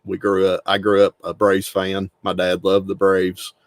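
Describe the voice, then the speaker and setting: Middle-aged Tennessee man, low Southern drawl, relaxed storyteller, dry sound. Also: moderate pace, no room sound. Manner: easygoing storyteller who laughs a lot. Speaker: guest. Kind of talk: casual interview talk.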